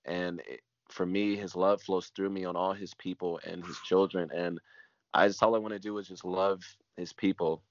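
A man with a very deep voice speaks as a pastor, earnest and repetitive, his words sometimes sinking to a near whisper. The sound is dry and close, with a dull, muffled quality. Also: fairly even intonation, normal speed, dry recording. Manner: earnest, repeats phrases, voice drops to near whisper at times. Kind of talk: emotional personal testimony.

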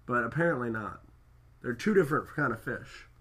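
A man's voice: medium pitch, lively intonation, a little fast, sharp tone, slightly rough. A man chatting casually and enthusiastically, rambling with lots of filler words as he recaps a cartoon episode. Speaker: podcast co-host.

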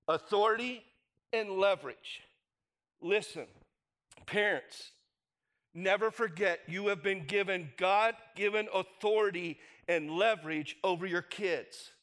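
A middle-aged man preaches a sermon in a high, light voice. He speaks slowly and deliberately, with a chatty, conversational delivery. He keeps drawing the congregation in with rhetorical questions. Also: a bit bright. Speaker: pastor.

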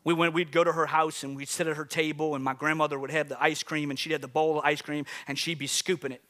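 Preacher guy in his 40s, chatty sermon, high pitched, asks the crowd stuff. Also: level tone, quick pace, fairly bright tone. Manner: conversational, calls out to the congregation. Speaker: pastor.

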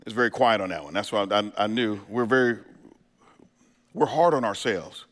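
A man's voice: lowish voice, lively intonation, moderate pace, fairly bright tone. A male pastor preaching a sermon, firing questions at his congregation and asking if they are ready. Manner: preaching with call-and-response asides to the congregation. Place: church sanctuary. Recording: hall reverb.

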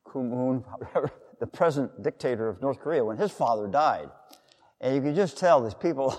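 A man's voice: mid-range voice, darkish tone. A man preaching a sermon in a conversational way, sometimes acting out quotes. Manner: conversational, with acted-out quotes and asides. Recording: long reverb of a large hall.

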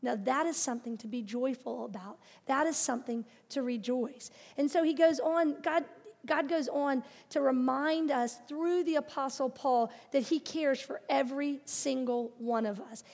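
A woman with a bright, high voice preaches to her congregation, earnest and encouraging, and now and then she slips in a playful aside. She sounds middle-aged, and her words ring out with the long reverb of a large hall. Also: moderate pace. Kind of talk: sermon.

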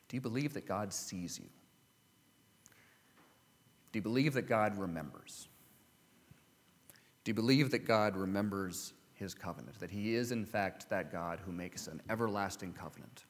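A man preaching a sermon, earnestly reading scripture and asking his listeners rhetorical questions. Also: lowish voice. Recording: long hall reverb.

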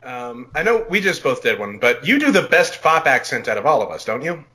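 A man's voice: mid-range voice, big pitch swings, brisk, bright, forceful tone. A man co-hosting a comedy podcast, bantering in a wry way. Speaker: podcast co-host. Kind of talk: casual comedic chat.

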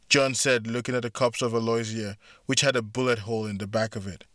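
A man narrating a story in a deliberate, steady way. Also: mid-range voice, no echo, clean studio sound. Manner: slow, deliberate. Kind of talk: scripted narration.

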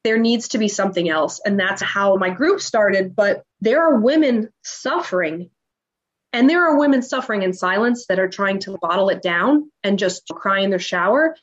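A woman's voice: mid-range voice, moderate pace. Storytelling woman on a lo-fi podcast. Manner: emotional, animated retelling with acted-out dialogue. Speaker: podcast guest. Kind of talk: personal storytelling in an interview.

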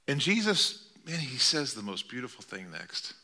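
Male pastor, middle-aged, very bright tone, earnest conversational sermon delivery. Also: medium pitch, expressive, normal speed, few pauses. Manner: earnest, conversational preaching with rhetorical questions.

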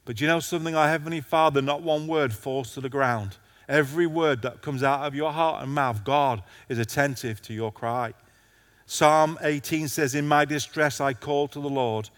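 Pastor guy preaching hard, kinda high voice, long echo like a big church hall. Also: normal speed, a bit bright. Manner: passionate preaching, rising and falling in intensity. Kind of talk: sermon.

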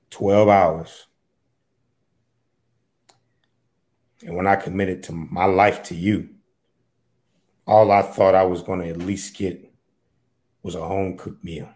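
Man playing a worn-out husband, low voice, complaining, exasperated, comedy sketch. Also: darkish tone. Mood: pleading. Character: tired, aggrieved working husband.

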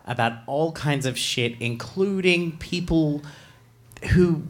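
A man's voice: fairly high pitch, slow. Australian guy, casual co-host, rambling self-deprecating anecdotes. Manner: rambling, self-deprecating storytelling with many restarts. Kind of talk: casual chat.

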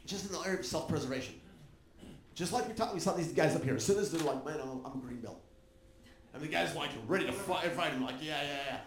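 A man preaching a sermon, animated and joking with the congregation. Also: fairly high pitch, roomy sound, slight background noise. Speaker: pastor.

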